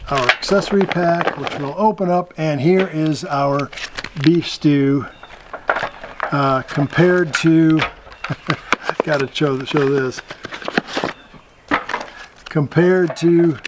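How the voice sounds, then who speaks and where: A man's voice: fairly high pitch, slow pace, pauses often. A man hosting a casual vlog, chatting and chuckling as he shows things and thinks aloud. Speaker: vlog host reviewing military rations. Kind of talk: casual show-and-tell commentary. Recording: noisy home video recording.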